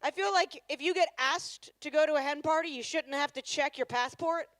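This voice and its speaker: Woman doing standup on a stage mic, sarcastic and chatty, pretty high voice, dry sound. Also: fairly quick, fairly bright tone, no echo. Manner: chatty, sarcastic, teasing the crowd. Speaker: stand-up comedian. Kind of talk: live stand-up comedy set. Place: live comedy stage.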